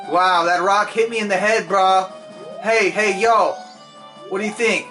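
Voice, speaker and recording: Young man, goofy let's-play commentator, high voice, rambling, whooping. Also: steady tone, a little slow, bright, forceful tone, faint music behind. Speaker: gameplay commentator.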